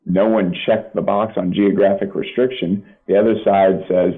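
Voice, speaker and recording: A man's voice: sits low, flat delivery, moderate pace, hardly any pauses, husky. A man, a family law attorney and podcast guest, explaining legal points plainly with practical examples. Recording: tinny phone-like line.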